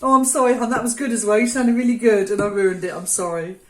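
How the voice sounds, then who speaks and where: A woman's voice: fairly high pitch, fairly even intonation, quick pace. A woman co-hosting a reselling channel from home. She bumbles through outtakes, giggling and poking fun at herself. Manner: giggly, self-mocking, chatty. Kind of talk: casual outtakes banter. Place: home filming room with ring light. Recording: roomy echo.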